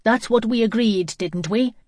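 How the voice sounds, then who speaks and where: A woman's voice: on the high side, measured pace, a little mellow, no room sound, voice pushed up. Woman reading as sullen teenage boy, stubborn, snappish, storybook, dry sound.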